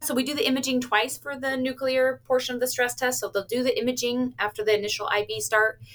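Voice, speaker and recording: Woman, cheerful, explanatory, medical staff, relaxed interview answers. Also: sits high, quick pace. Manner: upbeat, explains plainly with little laughs and playful patient quotes. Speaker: cardiac stress test staff member.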